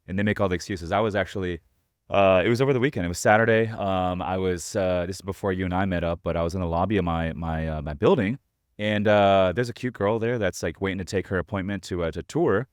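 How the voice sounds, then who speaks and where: A man's voice: low voice, quick pace, smooth, no echo, clean studio sound. A man hosting a podcast, telling a rambling anecdote full of fillers and casual swearing. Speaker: podcast host. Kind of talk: casual interview chat.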